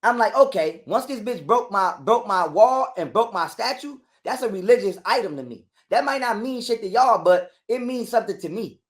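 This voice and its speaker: A man telling a long story in a casual interview, animated and full of cursing and repetition. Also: high-pitched, normal speed, hardly any pauses. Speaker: guest telling his story.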